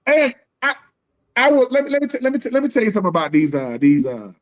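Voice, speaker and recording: A man holds forth on a live sports talk stream, voice pitched high for a man. He talks loose and slangy and keeps slipping into little acted-out bits of other people's lines. The feel is a casual co-host rant. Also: fast. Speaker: podcast co-host. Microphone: live stream call.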